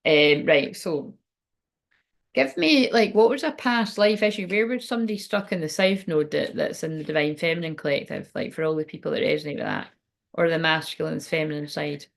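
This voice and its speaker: A woman's voice: low-pitched, lively intonation, brisk, gravelly. A woman doing a casual card-reading livestream. She chats and rambles, swears freely, laughs often and reads the card text aloud. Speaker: tarot and oracle card reader.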